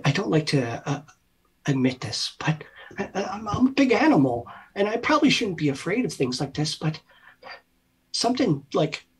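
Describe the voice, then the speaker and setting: A man's voice: a little high, husky, pitched above the performer's own voice, heavily acted. A man voicing a scared young deer, a big animal who stammers nervously in a tabletop game. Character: scared young deer named Will, big but timid.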